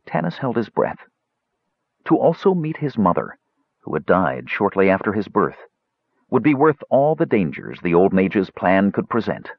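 A man narrating an audiobook in a measured storytelling manner, on a dull lo-fi recording. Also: low voice, sing-song, vocal fry, breathy edge, dry recording.

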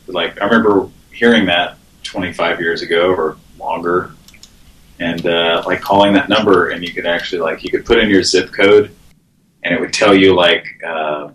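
A man's voice: low voice, fairly bright tone, reverberant, poor audio. A man hosting a live show, chatting casually and rambling with many fillers. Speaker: show host. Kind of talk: casual late-night chat.

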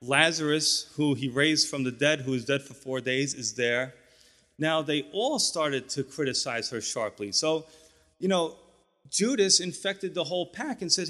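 Male pastor, relaxed teaching sermon with chatty asides, recorded in a reverberant church hall. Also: a little high, normal speed. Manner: conversational teaching with fillers and asides.

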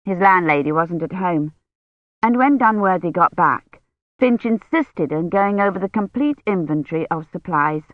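An audiobook narrator reading a novel at a steady, even pace, with a voice of middling pitch. The recording is muffled, with a dry booth sound and no room echo. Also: moderate pace. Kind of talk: scripted narration.

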